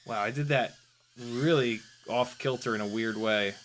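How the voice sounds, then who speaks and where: A man vlogging as he flies a small drone, talking to himself in casual commentary with quick exclamations and the odd swear word. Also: mid-range voice, fairly bright tone, slight background noise. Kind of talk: casual commentary while flying.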